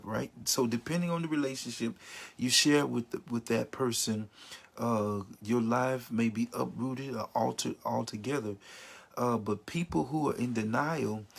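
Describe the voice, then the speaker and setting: A man's voice: medium pitch, gravelly, husky. A man teaching about grief in an informal, earnest way, sometimes acting out the words of people in mourning. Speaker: grief counselor.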